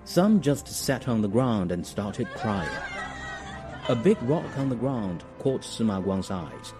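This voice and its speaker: Guy reading a kids story, lively up and down voice, music playing under. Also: medium pitch, slow pace, crowd noise. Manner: expressive, storytelling. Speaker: narrator. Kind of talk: storybook narration. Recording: music behind.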